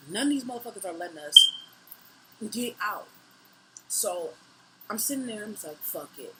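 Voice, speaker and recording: A woman's voice: mid-range voice, animated, moderate pace, heavy background noise. A woman in her twenties animatedly recounting a personal story on camera, swearing freely and acting out her own lines. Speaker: vlogger. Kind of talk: storytime monologue.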